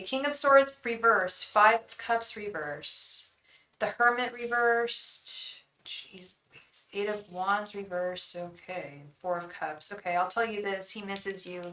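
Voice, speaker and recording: A woman's voice: lowish voice, pushed and bright, rough recording. A woman tarot reader talking casually on a live stream. She rambles, chats with viewers by name, uses slang like "girl" and "hun", and murmurs a repeated invocation while she shuffles the cards. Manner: rambling, chatty, talks straight to viewers by name. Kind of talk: casual live-stream chat and card reading.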